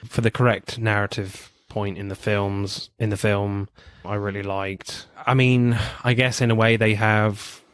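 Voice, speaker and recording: Male podcast co-host, low voice, chatty and loose, dry studio sound. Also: level tone, unhurried, hardly any pauses, clear, resonant tone, no room sound. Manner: chatty, laughs often, swears casually. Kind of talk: casual film review chat.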